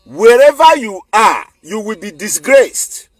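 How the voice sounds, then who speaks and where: A man's voice: sits high, big pitch swings, slow, no room sound, soft background music. A man with a Nigerian accent giving an emphatic, defiant online commentary, repeating his points for force. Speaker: political commentator.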